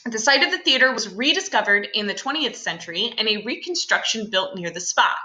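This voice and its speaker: A woman's voice: on the high side, animated, brisk, bright, forceful tone, echoey room, rough recording. A young adult woman teacher talking through a class lesson in a chatty, casual way with many fillers and asides.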